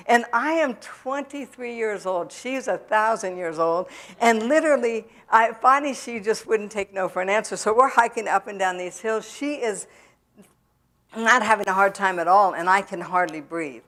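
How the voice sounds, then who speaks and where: A middle-aged woman telling her own recovery story at a church event. She speaks candidly and conversationally, with frequent fillers and restarts, at an ordinary woman's pitch. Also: moderate pace, fairly bright tone. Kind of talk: personal testimony talk. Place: church hall.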